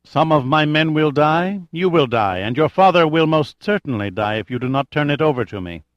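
A man voicing a silky, controlled male terrorist leader who makes quiet threats. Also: mid-range voice, expressive, moderate pace, dry recording, muffled recording, pitched above the performer's own voice, natural voice. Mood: menacing.

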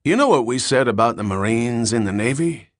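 A man voicing an old, sprightly retired sailor who works as a night watchman, talking in a slow, folksy, teasing way. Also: medium pitch, lively intonation, dry recording, studio quality, natural voice. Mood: wry.

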